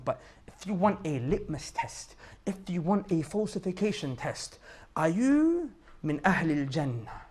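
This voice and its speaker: An Islamic preacher with a slightly rough, higher-pitched voice gives a casual religious reminder talk. He speaks in everyday slang and presses his listeners with emphatic rhetorical questions.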